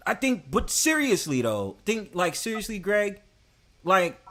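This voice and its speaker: A man's voice: sits high, huge pitch swings, slow pace, sharp tone. A man hosting a livestream in casual, slangy, joking chat, full of filler phrases. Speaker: stream host.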